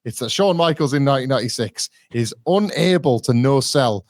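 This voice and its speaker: This man co-hosts a podcast and recaps events with lively, building energy. He laughs easily as he tells a story. The recording is dry and close, with almost no room sound. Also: mid-range voice, fairly quick, dry recording. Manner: animated storytelling, laughing often. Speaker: podcast co-host. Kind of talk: casual podcast review chat.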